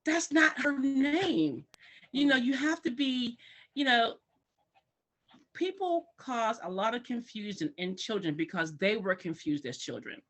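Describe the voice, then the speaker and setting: Her voice on the high side and a little slow, an early childhood educator speaks as a talk show guest. She is animated, mimicking parents and kids with exaggerated voices.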